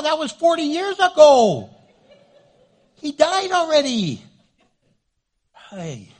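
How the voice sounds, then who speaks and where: A man preaching a sermon as a pastor, from New Mexico, joking with the congregation and doing quick funny voices. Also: high-pitched.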